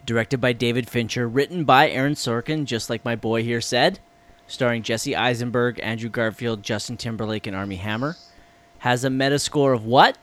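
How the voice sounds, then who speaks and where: A man co-hosting a podcast in casual chat, enthusiastic, swearing freely and trailing off as he gets excited. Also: mid-range voice, moderate pace. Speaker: podcast co-host.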